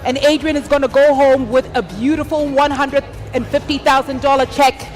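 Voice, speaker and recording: A woman emceeing a live awards ceremony on stage, hyping the crowd with energetic, shouted announcements. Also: high voice, moderate pace. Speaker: event emcee. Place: stage of a large live event.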